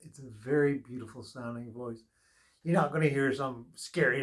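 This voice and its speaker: A man giving a casual spiritual tarot reading, talking slowly with many pauses and fillers. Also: mid-range voice. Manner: slow, unhurried, with pauses and fillers. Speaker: tarot reader.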